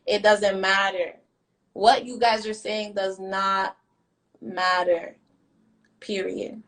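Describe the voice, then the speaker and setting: A woman's voice: medium pitch, level tone, slow, fairly bright tone, rough recording. A young woman telling her side in a story time rant, blunt and defiant, swearing often and repeating herself for emphasis. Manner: blunt, defiant, heavy profanity. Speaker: vlogger.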